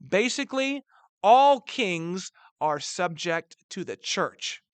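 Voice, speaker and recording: A man teaching a history lesson in a recorded lecture, chatty and animated, calling his students guys and dropping slangy asides. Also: sits high, slow, clean tone, dry recording.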